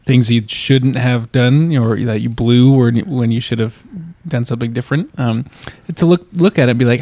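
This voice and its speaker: A man co-hosting a podcast, speaking in a reflective, measured way. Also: mid-range voice, darkish tone, dry recording. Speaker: podcast co-host. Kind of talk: casual chat.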